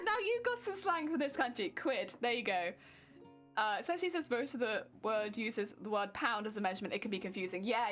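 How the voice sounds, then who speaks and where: Young British female streamer, giggly casual chat, bright and bouncy, faint music bed. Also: a little high. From Britain. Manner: giggly, chatty, answers chat readers.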